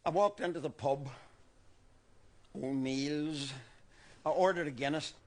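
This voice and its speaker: Paranoid old northern irish loyalist, fairly high voice, broods low then rants loud, stage monologue. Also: male voice, unhurried. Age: older. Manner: swings from hushed brooding to ranting shouts. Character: older male loyalist, paranoid and unhinged. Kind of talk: theatrical monologue.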